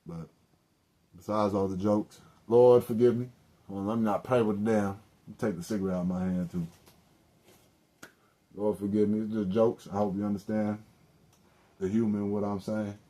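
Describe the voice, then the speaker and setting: A young man talks alone on his podcast, spinning loose, profane stories full of joking asides. His voice sits low and mellow. He stops to correct himself and laughs at his own slips. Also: steady tone, brisk. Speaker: podcast host. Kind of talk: casual solo storytelling.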